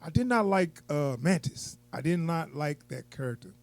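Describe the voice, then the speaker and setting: A man's voice: fairly high pitch, expressive, normal speed, gravelly. A man giving a casual, unscripted movie review, rambling and chuckling as he goes.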